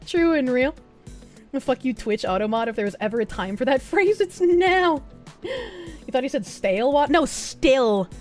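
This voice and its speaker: A woman streams to her chat in a loose, rambling way, swearing freely and reading messages aloud. Her voice sits fairly high, and it jumps higher still when she laughs. Faint music plays under her talk. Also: very animated, a little slow, a little mellow. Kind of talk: casual live-stream chat.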